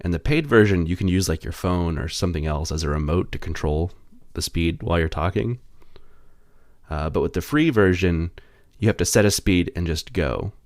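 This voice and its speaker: A man co-hosting a podcast in casual chat, relaxed and explaining things at length. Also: low-pitched, moderate pace, dry recording. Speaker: podcast co-host.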